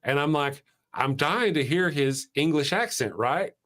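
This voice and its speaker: Animated Southern man hosting a chat show. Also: a little high, unhurried. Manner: animated, laughing, self-deprecating storyteller. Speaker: show host. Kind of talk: casual morning show chat.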